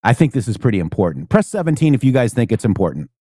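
A man's voice: medium pitch, sing-song, fast talker, warm tone, no echo, clean studio sound. A man co-hosting a casual political talk stream, talking emphatically with many rhetorical questions. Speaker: co-host.

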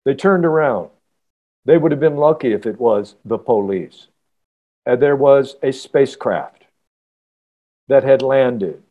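A man, an author guest on a podcast, telling a story in a halting, earnest way with many restarts. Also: medium pitch, expressive, dull audio. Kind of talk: casual podcast interview storytelling.

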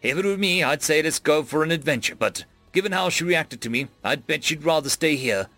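A relaxed young spacefarer who talks things through out loud, as the narrator puts him on. His voice is raised, bright and forceful, recorded close and dry with faint music behind. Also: a little high, fairly quick, dry recording, voice pushed up, full character voice. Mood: casual. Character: young human man, last of his kind, easygoing.

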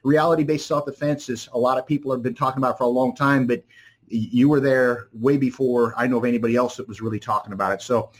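A man hosting an interview, talking casually and haltingly with lots of restarts. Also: medium pitch, steady tone. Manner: halting, many restarts while praising the guest. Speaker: podcast host, martial arts instructor.

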